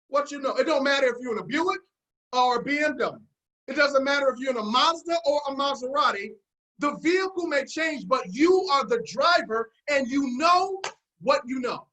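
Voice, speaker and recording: A man's voice: very high voice, lively intonation, normal speed, sharp tone, rough recording. A man leading a motivational business seminar, confident and preachy, with call-and-response and repeated key phrases. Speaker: network marketing team leader.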